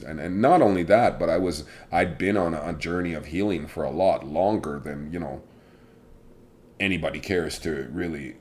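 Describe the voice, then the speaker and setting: Deep-voiced dad co-host; relaxed, colloquial, playful. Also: male voice. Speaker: family show co-host, father. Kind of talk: casual family chat.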